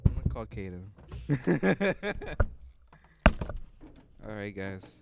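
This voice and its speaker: Smooth-voiced teasing podcast man. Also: fairly low pitch, slow pace, long pauses. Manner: teasing, deadpan jokes. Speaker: podcast co-host. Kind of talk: casual chat.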